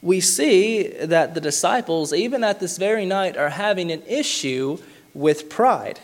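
A man preaching a sermon, earnest, slowing down to stress key words and reading scripture aloud. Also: sits high, lively intonation. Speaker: pastor.

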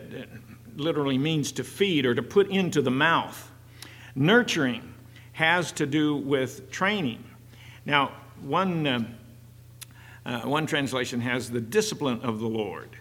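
A man delivers a sermon in a middle-pitched voice, earnest and halting, pausing on fillers as he goes. His voice rings out with a long reverb, as in a church. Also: animated, fairly bright tone. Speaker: preacher.

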